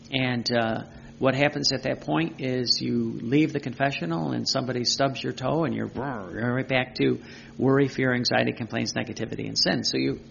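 Gravelly man preaching on a dull recording. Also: mid-range voice, fairly bright tone, slight background noise. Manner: earnest, piles up lists and rhetorical questions. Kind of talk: devotional teaching talk.

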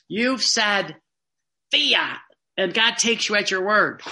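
Earnest preacher with a bright, forceful tone, pressing the congregation with questions. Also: medium pitch, animated, unhurried. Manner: earnest, asks the listeners direct rhetorical questions; tells personal anecdotes with quoted back-and-forth dialogue. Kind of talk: sermon.

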